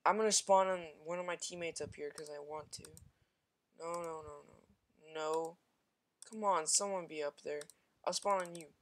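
A gamer casually comments over his own shooter gameplay, thinking out loud and mocking how he plays. Between fillers he keeps repeating quick exclamations, in a mid-range voice with fairly even intonation.

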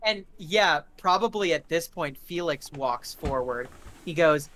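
A man's voice: a little high, lively intonation, unhurried, fairly bright tone, slight background noise. A man running a tabletop game as game master. He paints gory scenes in vivid detail, full of fillers and restarts.

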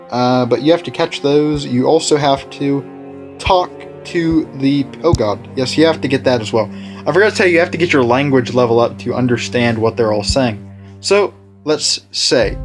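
A man hosting a let's play, rambling and correcting himself as he plays, with excitable outbursts. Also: medium pitch. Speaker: gaming channel host.

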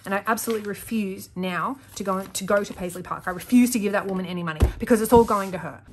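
A woman's voice: mid-range voice, fast, slight background noise. A woman chatting while she sets up her planner at a desk, rambling, sidetracking often and getting worked up when she rants. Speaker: planner vlogger. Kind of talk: chatty talk while crafting. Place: at a desk at home. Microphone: desk-mounted camera.

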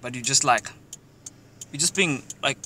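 A man's voice: mid-range voice, measured pace, pushed and bright. A young man giving loose, profane social advice in casual chat while driving, laughing often. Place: in a car, driving outdoors. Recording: noisy car interior. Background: car and street noise.

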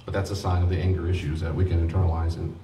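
A man's voice: low voice, level tone, very fast, a loud crowd. A man preaching a teaching sermon on grief as a pastor, earnest and conversational, repeating himself for emphasis. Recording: echoey room, mic at a distance.

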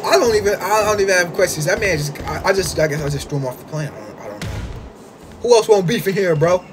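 A man giving casual, excitable game commentary, full of slang and trash talk aimed at the characters on screen. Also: sits high, quick pace, noisy background. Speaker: gaming YouTuber.

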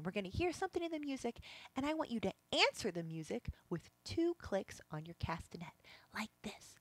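A woman leads young children through a music lesson in a higher voice with big, bouncing swings of pitch. She is playful and animated, often dropping to a hush. The sound is dry and close. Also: dry recording.

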